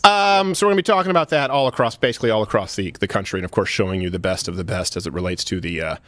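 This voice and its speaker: A man's voice: lowish voice, rapid-fire, fairly bright tone, no echo. A man hosting a political comedy talk show, sarcastic and brash, laughing at his own jokes. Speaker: show host.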